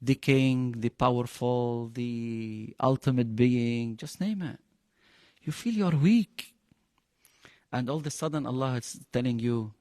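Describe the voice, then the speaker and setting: A man with an Arabic accent teaching a class on the Quran in English, animated, often firing questions at his students. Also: takes it slowly, no room sound, big-room sound. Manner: animated, questioning the class, pitch jumping high for emphasis. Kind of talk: interactive religious lesson.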